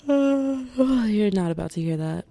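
A woman's voice: mid-range voice, expressive, measured pace, gravelly, dark tone, no echo. A young woman vlogging in a chatty, rambling way, full of asides and "like"s. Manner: chatty, self-interrupting, many "like"s. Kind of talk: casual rambling chat.

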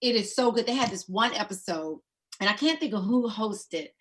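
Brief: mid-pitched woman, swooping animated delivery, husky, casual co-host. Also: normal speed. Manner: animated, exclaiming, stubborn. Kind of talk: casual chat.

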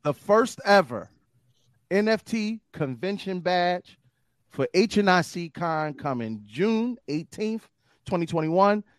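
A young man hosts a podcast with a hype, slangy delivery, his pitch swinging widely and sitting a touch high for a man. The sound is dry and close with no room around it. He talks in loose casual chat. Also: lively intonation, slow pace, no echo. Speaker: podcast host.

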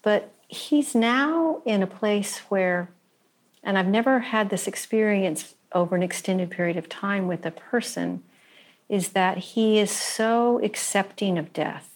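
A woman in reflective conversation who speaks thoughtfully and hesitantly, with many pauses and fillers. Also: medium pitch.

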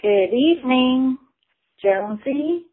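A woman from Florida leaving a wry, deadpan voicemail for a podcast host. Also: high voice, slow, husky. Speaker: caller. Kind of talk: voicemail message. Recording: tinny phone line.

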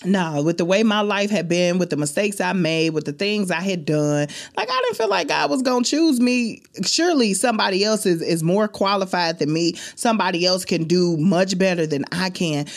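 A woman hosting a faith-based podcast, speaking in an emotional, expressive and preachy way. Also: lowish voice. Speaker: podcast host.

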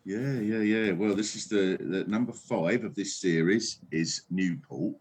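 Deep husky man, rambling and animated. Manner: rambling, animated storytelling with quick asides. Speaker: guest comedian. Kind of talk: casual podcast conversation. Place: on tour in another town, joining remotely.

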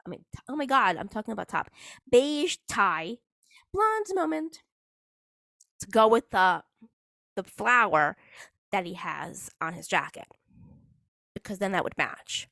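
A woman's voice: medium pitch, lively intonation, normal speed, vocal fry, bright, forceful tone, no room sound, studio quality. A woman chatting casually as a hockey fan vlogger, rambling and poking fun at herself. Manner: chatty, rambling, self-mocking. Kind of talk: casual chat.

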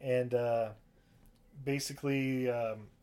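A man's voice: medium pitch, steady tone, slow pace, dark tone, smooth. A man casually recapping a film on a podcast, rambling and swearing, often acting out the characters' lines. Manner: rambling, profane, acts out quotes. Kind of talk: casual chat.

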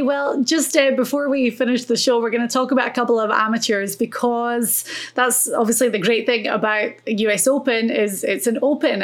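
A woman's voice: on the high side, a bit bright. A woman co-hosting a golf podcast, steering the segments in a friendly, upbeat casual chat.

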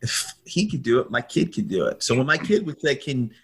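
Husky man telling a lively story. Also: mid-range voice, fairly quick. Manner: lively storyteller, acts out voices, laughs often. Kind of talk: animated storytelling.

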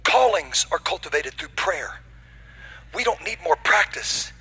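A man preaching a sermon to his congregation in a church, building to shouted climaxes and bantering playfully with the people in the pews. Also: fairly high pitch, animated, unhurried, a little hiss or hum, poor audio. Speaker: pastor. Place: church auditorium.

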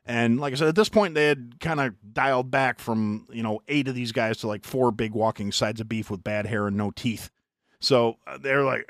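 A middle-aged American man hosting a podcast, telling a long story in a profane, animated way with mock voices. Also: medium pitch, moderate pace, no echo, clean studio sound. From United States. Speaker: podcast host. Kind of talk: casual storytelling chat.

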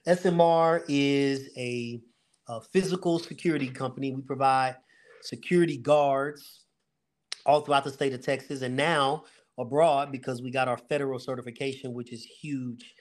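A middle-aged man speaks at an ordinary pitch, earnest and plain-spoken, as he retells hard years and turning points on a podcast. He talks in a loose, conversational way, with fillers and restarts. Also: steady tone, moderate pace. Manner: earnest storyteller, faith-driven, with fillers and vivid retelling. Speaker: guest, security company owner. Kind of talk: casual podcast testimony.

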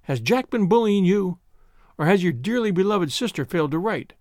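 A man voicing a soothing, fatherly suitor who speaks gently and a little haltingly. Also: sits high, lively intonation, no room sound, studio quality.

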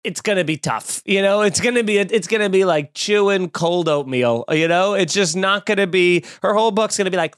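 A man's voice: high-pitched, normal speed, hardly any pauses, a bit bright, smooth, dry recording, studio quality. A man in his thirties hosting a comedy podcast, ranting with sarcastic, mocking energy. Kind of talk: comedic rant.

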